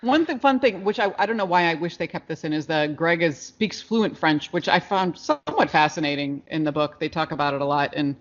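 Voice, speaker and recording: Co-host, chatty and rambling, mid-pitched, dull lo-fi podcast audio. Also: lively intonation, brisk, few pauses. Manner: rambling, many fillers and restarts. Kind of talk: casual chat about a film.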